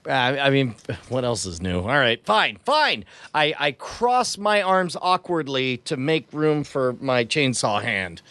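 A man's voice: medium pitch, very animated, a little slow, bright, forceful tone, no room sound. A man playing a tabletop role-playing game, describing his character's actions in a wry, snide way. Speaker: player. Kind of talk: tabletop role-play banter.

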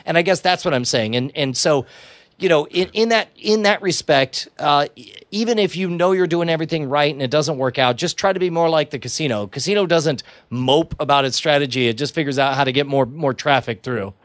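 A man co-hosting a podcast, thinking aloud in casual chat with halting restarts. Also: fairly high pitch, dry recording. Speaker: podcast co-host.

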